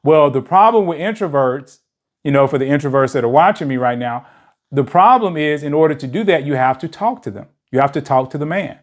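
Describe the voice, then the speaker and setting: A man's voice: on the high side, animated, brisk. A man hosting a dating channel, talking in a loose, rambling way and packing his speech with "you know" fillers. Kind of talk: casual monologue to camera. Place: lives in a big city.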